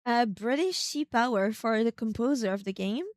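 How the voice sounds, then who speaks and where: A woman streaming a video game, chatting casually, thinking aloud in a rambling way with sudden excited outbursts. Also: fairly high pitch, normal speed, no echo, studio quality.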